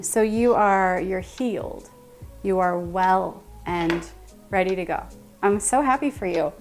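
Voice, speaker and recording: Woman chatting on a baking stream from her kitchen, answering chat, laughing a lot, soft music in the background. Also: medium pitch, unhurried. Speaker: livestream baking host. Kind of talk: casual live-stream chat while baking. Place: home kitchen.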